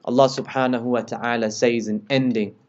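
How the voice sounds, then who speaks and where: A man giving a religious lesson, retelling narrations with lively storytelling and speaking directly to his listeners as brothers. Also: fairly quick. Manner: lively storytelling, rises in pitch and volume when quoting dialogue. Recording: slightly dull lo-fi recording.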